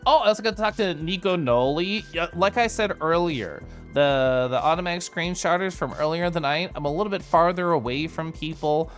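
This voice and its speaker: A young man chatting casually with viewers on a live stream, giggly and animated. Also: fairly high pitch, a little fast, hardly any pauses, faint music behind.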